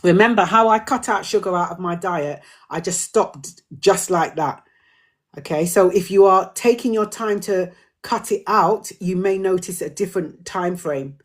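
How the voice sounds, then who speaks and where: A woman's voice: lowish voice, normal speed. A middle-aged woman hosting a live drop-in, talking earnestly and repeating her points for emphasis, her throat a little dry. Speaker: host of a community live drop-in. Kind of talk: casual live-stream talk.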